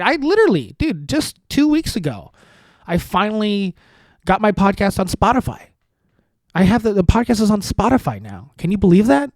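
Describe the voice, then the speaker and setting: A man's voice: high-pitched, a little mellow, no room sound. A young man hosting his own podcast, rambling through self-deprecating jokes with lots of restarts. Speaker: podcast host. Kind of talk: solo comedic podcast monologue.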